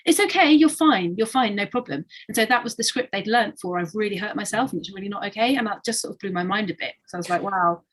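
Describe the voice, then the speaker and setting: A woman's voice: mid-range voice, fast, few pauses, fairly bright tone. A woman hosting a podcast, engaged and thinking aloud with a few fillers as she shares an example. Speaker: podcast host. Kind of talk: podcast conversation.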